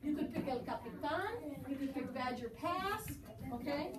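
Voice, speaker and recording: A woman teaches a roomful of children, her voice high and encouraging. She is heard from across an echoey classroom. Noise runs under her voice throughout. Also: lively intonation, normal speed, distant mic. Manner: encouraging, praising students often. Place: school classroom. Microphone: recorded from across the room.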